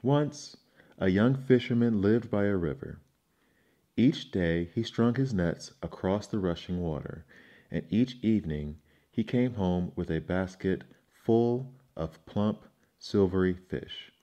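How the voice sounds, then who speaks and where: Deep-voiced man reading fairy tales. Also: lively intonation, slow, mellow. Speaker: storyteller. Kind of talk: scripted storybook narration. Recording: dull lo-fi recording.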